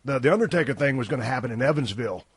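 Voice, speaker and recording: A man telling rough, profane, animated stories in a casual podcast chat. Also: medium pitch, very fast, no room sound. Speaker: podcast host. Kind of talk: casual storytelling conversation.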